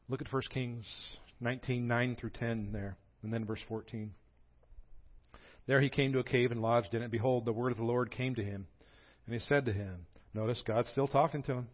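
A Southern American man preaches a sermon as pastor, telling the story with animation and acting out the voices he quotes. He speaks at medium pitch and a fairly quick pace, and the audio sounds dull.

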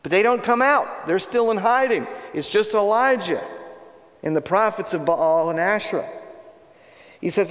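A male preacher with a high voice tells a scripture story in a conversational, animated sermon. His voice carries a long hall reverb. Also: normal speed.

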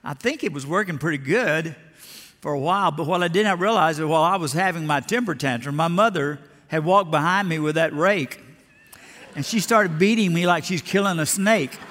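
A man's voice: fairly high pitch, brisk, fairly bright tone. An older man who grew up in Alabama, preaching a sermon in a folksy storytelling way and acting out the voices in his stories. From Lower Alabama. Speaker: pastor. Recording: long hall reverb.

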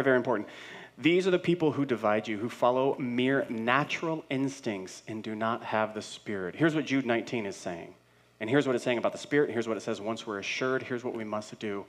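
A middle-aged male pastor preaching a sermon with earnest, building repetition, swinging between loud and hushed passages. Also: mid-range voice. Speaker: senior pastor.

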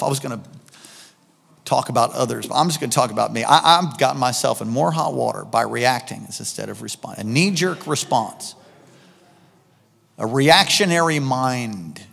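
A man preaching a sermon as pastor, animated, swinging between loud exclamations and quiet asides. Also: mid-range voice, normal speed, creaky, big-room sound.

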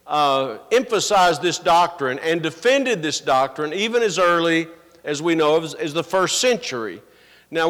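A man preaching an emphatic evening sermon as pastor, reading scripture slowly and pressing his points with earnest stress. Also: on the high side, a bit bright. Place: church sanctuary. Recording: long reverb of a large hall.

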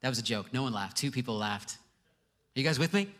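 A man's voice: medium pitch, lively intonation, fast, a bit bright. A male pastor giving a sermon to a congregation, conversational with joking asides. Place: church before a congregation.

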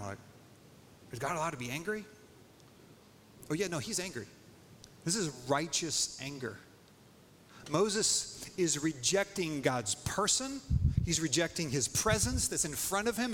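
A male pastor preaches in a loose, conversational way, peppering his sermon with "like". His voice sits a little high and rings with long reverb in a church hall. A faint noise runs beneath. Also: animated, unhurried, long pauses, fairly bright tone. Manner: casual, conversational preaching, heavy use of "like".

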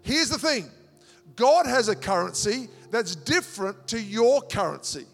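High-voiced man preaching in a hall. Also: measured pace, vocal fry. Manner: animated, repeats words, acts out dialogues. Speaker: pastor. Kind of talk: sermon. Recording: long hall reverb with music behind.

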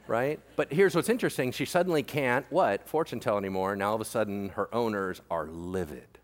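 A male pastor preaching a sermon in a lively, conversational and joking manner. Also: on the low side, fairly quick, few pauses, a faint crowd. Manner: animated, jokey, conversational preaching. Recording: long hall reverb.

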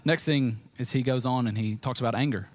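A man with a Southern US accent preaching a sermon as pastor, swinging between loud emphasis and quiet, low moments. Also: a little fast, no room sound.

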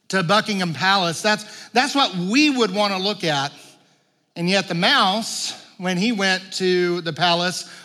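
A man preaches a sermon in a loose, conversational way and climbs into animated emphasis on his main points. His voice is bright and sits a little high. A long reverb trails his words through the sanctuary. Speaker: pastor. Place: church sanctuary.

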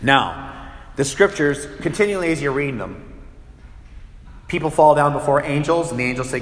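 A man preaching as a pastor, his voice pitched a touch high and carried through a roomy, echoing hall with a long reverb. He talks in an animated way, acting out little scenes with shifting voices. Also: quick pace. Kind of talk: sermon.

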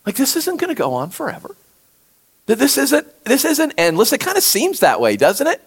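Man, pastor, conversational sermon, high voice, very lively pitch, addresses the congregation directly. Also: moderate pace, slightly rough. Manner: animated, talks directly to the congregation. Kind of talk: conversational sermon with scripture reading.

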